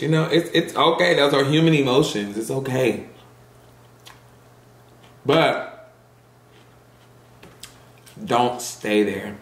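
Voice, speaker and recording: A man's voice: mid-range voice, slow pace, long pauses, roomy sound. A man vlogging to camera in a casual, earnest and encouraging way, repeating phrases for emphasis. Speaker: mukbang vlogger. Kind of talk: heartfelt casual monologue.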